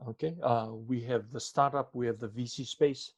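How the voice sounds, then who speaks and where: A man's voice: mid-range voice, steady tone, normal speed, slightly rough. A man who advises businesses on funding, explaining step by step in a podcast interview and checking in with "okay".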